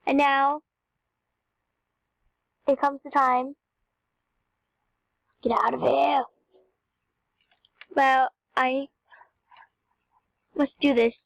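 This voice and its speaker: Chatty young girl, high voice. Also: level tone, very slow, vocal fry, pauses often, dry recording, rough recording. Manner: chatty, rambling, talks to viewers. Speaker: game video narrator. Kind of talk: casual gameplay commentary.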